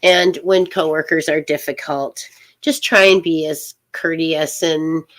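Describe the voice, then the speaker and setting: A middle-aged woman hosting a casual live tarot reading, rambling and halting, with many fillers and soft laughs. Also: deep voice, steady tone.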